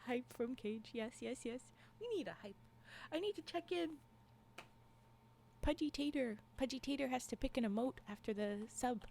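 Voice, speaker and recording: Giggly high-voiced woman streamer, lively and gravelly. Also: normal speed, a little hiss or hum. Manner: giggly, exclamatory reactions to chat. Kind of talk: casual livestream chat and story reading.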